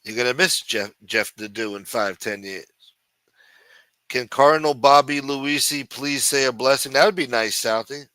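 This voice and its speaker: A man hosts his own livestream, reading the news aloud and breaking off into rambling, profane rants. His voice is bright and forceful. The sound is dry and close, with no room echo. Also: medium pitch, moderate pace. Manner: crude, sarcastic, reads headlines aloud then rants. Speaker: livestream host.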